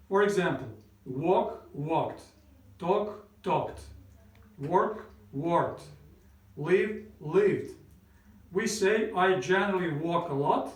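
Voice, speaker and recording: High-voiced man drilling English. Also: distant mic. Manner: repeats each question twice, slow and clear, then prompts answers. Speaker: English teacher. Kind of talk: drilled question-and-answer language lesson. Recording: roomy classroom sound from away from the mic.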